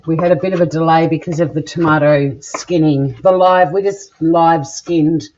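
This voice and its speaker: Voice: medium pitch, steady tone, normal speed, darkish tone, highs cut off, slight background noise. A home cook with an Australian accent chatting casually while cooking in a home kitchen, joking crudely and rambling as they go. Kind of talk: casual cooking vlog chat.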